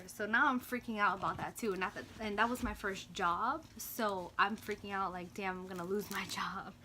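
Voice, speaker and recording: Young woman, bright voice, animated storytime vlogger, faint background hiss. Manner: animated, swings into loud high-pitched retellings of quoted lines; drops to quiet, low mumbling in reflective parts. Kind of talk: casual storytime.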